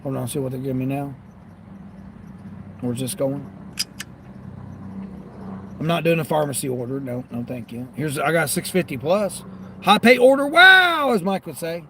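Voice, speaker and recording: A man's voice: mid-range voice, moderate pace, pauses often, noisy background. A man rambling casually on a livestream, talking to chat between delivery orders while he sits in his car. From United States. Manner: rambling, talks back to chat.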